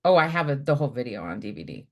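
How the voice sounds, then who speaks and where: A woman podcast host in casual chat, telling stories in an animated, quick way. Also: rumbling low. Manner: animated storyteller, quick, many fillers.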